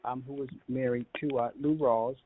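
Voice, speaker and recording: A man hosting an interview who asks his questions haltingly, with many "um"s and "uh"s. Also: mid-range voice, steady tone, a little hiss or hum. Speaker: host. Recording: tinny phone-like sound.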